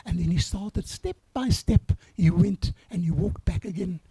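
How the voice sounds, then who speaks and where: Hoarse older man. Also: high-pitched, warm tone. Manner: earnest, halting storytelling. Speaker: grandfather giving a eulogy. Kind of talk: memorial eulogy. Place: memorial service.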